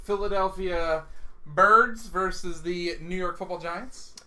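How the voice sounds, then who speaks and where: A man's voice: high voice, steady tone, takes it slowly, sharp tone. A man co-hosting a casual podcast about movies and football, teasing and laughing often. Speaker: podcast co-host. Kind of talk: casual chat.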